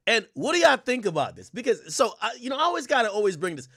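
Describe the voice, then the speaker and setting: A man from Jamaica with an American accent, hosting a livestream and chatting quickly and directly to his viewers. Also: sits high, sing-song, fairly bright tone, husky. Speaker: livestream host. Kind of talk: casual stream commentary.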